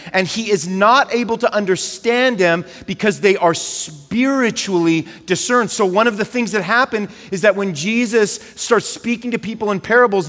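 A male pastor, giving a conversational, animated sermon and leaning on filler words. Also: high-pitched, in a large hall.

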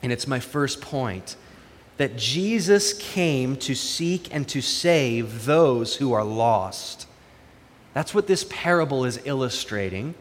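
A man's voice: mid-range voice, expressive, slow, long reverb tail. A man preaching a sermon as pastor, moving between earnest prayer and conversational storytelling.

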